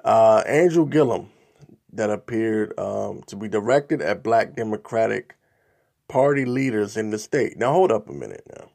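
A man's voice: lowish voice, expressive, normal speed, gravelly, darkish tone. A man hosting a podcast, reading political news reports aloud and breaking off into his own asides, with frequent "um"s. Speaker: podcast host.

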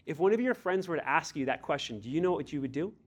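A man's voice: on the high side, lively intonation, quick pace. A man preaching a sermon to a youth group as their pastor, earnest and direct, pressing his listeners with blunt questions and now and then acting out the voices in scripture.

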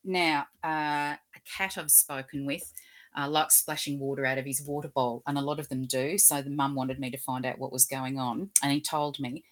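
A woman from Australia, a guest in an interview, telling gentle, animated stories about talking with animals. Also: rumbling low, normal speed. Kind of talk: casual interview storytelling.

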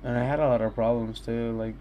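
A young man talks alone in his room, rambling and candid, dropping swear words as he goes. His voice sits at an ordinary middle pitch. A faint noise hums under the recording. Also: steady tone, quick pace, mellow. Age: young adult. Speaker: podcast host. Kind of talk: casual solo monologue.

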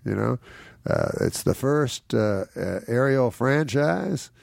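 A man's voice: mid-range voice, animated, slow pace, gravelly, a little mellow, dry recording, clean studio sound. A man, a guest comedian, telling a rambling anecdote, chuckling often and mimicking the people in it. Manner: meandering storyteller, chuckles often, mimics people in his stories.

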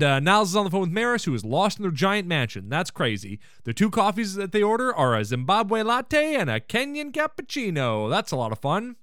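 A man's voice: high-pitched, a bit bright, dry recording, studio quality. A man hosting a podcast, recapping an episode in casual chat, enthusiastic and full of joking asides. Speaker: podcast host.

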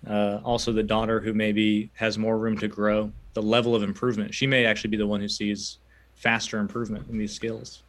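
A man who is a podcast guest, answering in brief, measured sentences. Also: lowish voice, monotone. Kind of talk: casual chat.

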